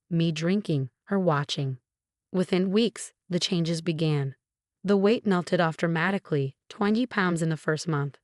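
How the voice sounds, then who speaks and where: A woman telling a first-person story in measured, scripted narration. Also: lowish voice, darkish tone, no echo, studio quality.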